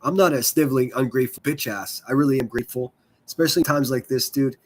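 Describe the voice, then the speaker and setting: A man's voice: mid-range voice, fast talker, a little hiss or hum. A man hosting a casual livestream, rambling and swearing freely as he chats with viewers. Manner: profane, rambling, self-deprecating. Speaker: livestream host.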